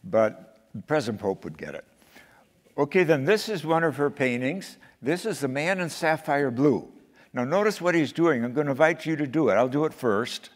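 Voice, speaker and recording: A man, a priest, gently instructing a group in a spiritual practice and leading a call-and-response chant. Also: fairly high pitch, expressive. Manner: unhurried, gently instructive, repeating names in chant. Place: large hall at a faith festival. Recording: long reverb of a large hall.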